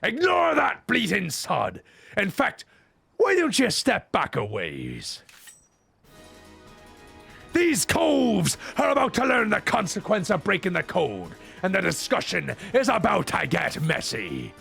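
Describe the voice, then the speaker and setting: A man's voice: sits high, huge pitch swings, slow, creaky, fairly bright tone, husky, soft background music, pitched above the performer's own voice, exaggerated voice. A man voicing a foul-mouthed, brash male pirate rogue in a game dub, snarling his lines. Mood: menacing. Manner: growling pirate snarls and swearing.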